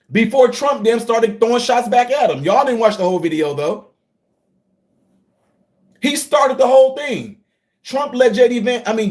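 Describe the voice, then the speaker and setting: A middle-aged man hosting a casual livestream, talking straight to his viewers and swinging from low asides to loud outbursts. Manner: animated, talks straight to viewers, swings from low to high shouts. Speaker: livestream host.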